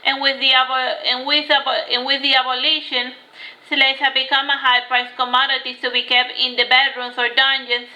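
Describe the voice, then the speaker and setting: A woman's voice: high voice, little pitch movement, moderate pace, pushed and bright, poor audio. A woman reading her novel aloud, with occasional restarts and small slips. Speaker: audiobook reader.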